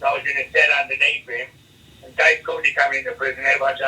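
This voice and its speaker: A man's voice: medium pitch, flat delivery, fast, bright, forceful tone, distant mic, rough recording. Blunt, swearing man telling stories. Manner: swearing, blunt, rambling anecdotes. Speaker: interview guest. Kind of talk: casual storytelling chat.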